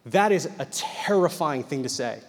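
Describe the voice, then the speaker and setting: High-voiced preacher in an echoing hall. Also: male voice, normal speed. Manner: animated storytelling, acting out people in the story. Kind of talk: sermon.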